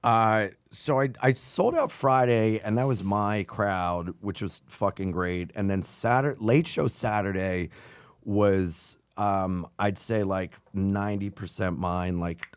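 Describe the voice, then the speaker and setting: A man's voice: fairly low pitch, takes it slowly, clean tone, no room sound. A man, a comedian, telling stories in a casual podcast chat, often swearing. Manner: animated, swears, voice rises when excited. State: out of breath when retelling.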